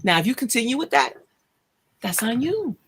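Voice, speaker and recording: Bright-voiced woman hosting a chat. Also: a little high, moderate pace. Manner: animated storyteller, acts out quoted voices. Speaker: host. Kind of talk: casual podcast chat.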